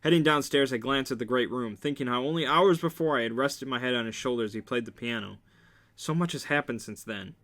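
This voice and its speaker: A man's voice: mid-range voice, fairly quick, fairly bright tone. A man reading a romance novel aloud in a casual amateur way, with small slips and restarts. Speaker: reader.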